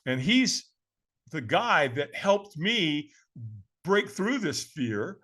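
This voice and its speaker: A man in his seventies from California, a podcast guest telling a story in a lively way, often calling the listener "man.". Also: fairly high pitch, drawn-out words. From California, USA. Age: 70s. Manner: lively, acts out quoted voices, says "man" often. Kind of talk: animated storytelling.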